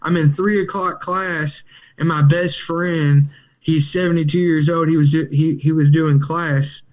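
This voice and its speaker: A man's voice: fairly high pitch, measured pace. A man telling his recovery story with casual Southern slang, acting out the voices of others. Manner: animated, acts out quotes in character voices. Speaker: guest in recovery.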